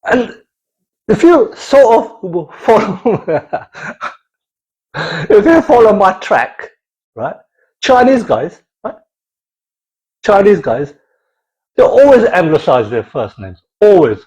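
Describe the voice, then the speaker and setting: A man's voice: high-pitched, big pitch swings, slow pace, pauses often, darkish tone, lo-fi sound. A man doing a playful comic monologue, swearing freely and slipping into accents as he goes. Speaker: comedian.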